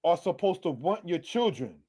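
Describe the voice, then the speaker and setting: A man's voice: sits high, sing-song, moderate pace, warm tone, breathy edge, no echo. A man teaching a scripture lesson in a preacherly way, walking through Hebrew words one at a time and asking his listeners rhetorical questions. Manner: preacherly, asks many rhetorical questions, addresses listeners as brothers and sisters; spells out Hebrew words line by line. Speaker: Torah teacher.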